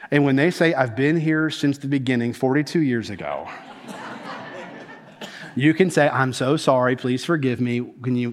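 Pastor guy preaching, kinda high voice, keeps repeating his main points. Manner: earnest preaching, repeats key phrases. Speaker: senior pastor. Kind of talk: sermon. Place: church sanctuary.

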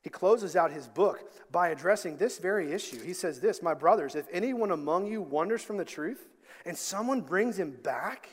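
A man's voice: high-pitched, lively intonation, normal speed, breathy edge. A man preaching a sermon as pastor, driving points home with repeated rhetorical questions. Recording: long hall reverb.

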